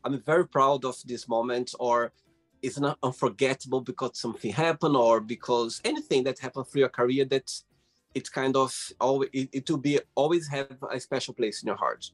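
A man's voice: medium pitch, fairly quick, faint music behind. A man hosting a casual interview, encouraging his guest and laughing often, with loose phrasing. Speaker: host. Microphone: video call.

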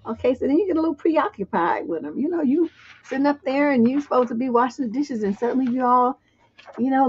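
A woman relationship coach talking casually to a live audience, animated and chatty, acting out little skits. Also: sits high, quick pace, husky. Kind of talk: casual livestream talk. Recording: dull muffled sound.

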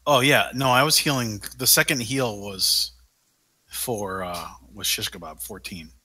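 Bright-voiced man talking through the rules. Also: lowish voice, a little slow, slightly rough. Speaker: player. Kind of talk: casual game table chat.

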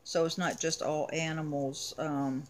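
A woman in a casual vlog, showing off her craft supply haul, talking in an unhurried, chatty way with frequent ums. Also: low-pitched, little pitch movement, a little hiss or hum. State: has the hiccups. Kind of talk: casual show-and-tell.

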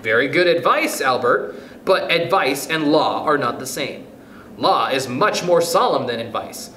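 Here a man voices a solemn, lecturing mouse from a storybook, a fussy and earnest little male character. His pitch sits in the middle, his delivery is animated, pushed and bright, and he reads a little slowly. Faint noise and an echoey room can be heard.

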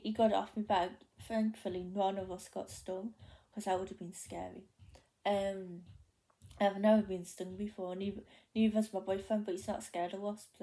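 A young Geordie woman chats to her camera and tells a long story from her day, looping back with plenty of ums, likes and restarts. Her voice is mellow and soft, never sharp. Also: medium pitch. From North East England. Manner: rambling, many fillers and restarts. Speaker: vlogger. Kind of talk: casual chatty storytelling.

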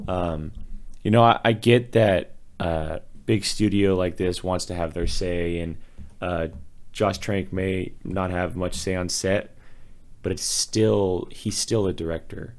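A man with a very deep voice reviews a film in a relaxed podcast conversation. He sounds exasperated and critical, mimicking the people he disagrees with. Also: a little slow. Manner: critical, exasperated, acts out quotes. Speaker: movie reviewer. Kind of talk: casual podcast chat.

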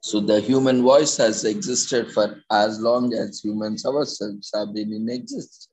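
Husky man reading an informative talk. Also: lowish voice, animated, darkish tone, low-quality recording. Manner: measured reading with hesitant fillers and restarts. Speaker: presenter of a daily topic segment.

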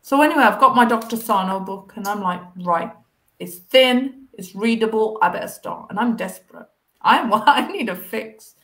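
A woman telling her recovery story in a casual interview, acting out past conversations with lively changes of voice, heard over a video call. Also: mid-range voice, normal speed. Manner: animated, acts out past conversations.

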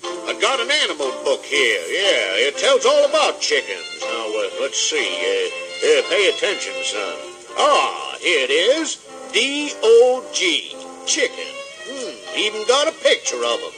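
A boastful, drawling rooster for a 1950s children's record, booming and repeating himself. His voice is high and swoops wildly, with music playing behind. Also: huge pitch swings, measured pace. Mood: blustering. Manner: drawling, self-satisfied, bossy. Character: blustering big southern rooster, boastful, folksy.

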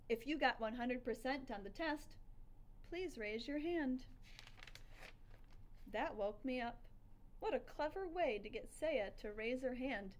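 A woman reads a children's story aloud in the first person, telling it with lively expression. Her voice sits a little high and stays bright with the fun of the tale. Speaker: audiobook reader.

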